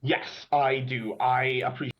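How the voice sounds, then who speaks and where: A man with a Filipino accent, answering speaking-test questions as a candidate in a thoughtful, measured way. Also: mid-range voice, fairly even intonation. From Philippines. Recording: dull video-call audio.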